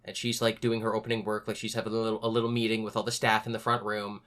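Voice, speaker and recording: Bright-voiced young man telling a story. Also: fairly low pitch, fast talker. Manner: animated, acts out other people's lines in a raised voice. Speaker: podcast host. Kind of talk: casual storytelling chat.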